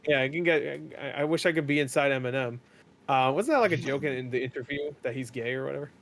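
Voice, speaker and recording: A young man hosting a podcast, rambling and swearing as he recaps a movie and acts out the characters in quick paraphrase. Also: mid-range voice, fairly bright tone. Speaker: podcast host.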